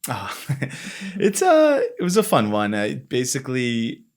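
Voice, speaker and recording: A man's voice: mid-range voice, huge pitch swings, takes it slowly. A man in his thirties from Florida, hosting a casual interview and rambling through his story with self-mocking asides. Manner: rambling, self-mocking, acts out his own past thoughts. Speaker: podcast host, company marketing lead.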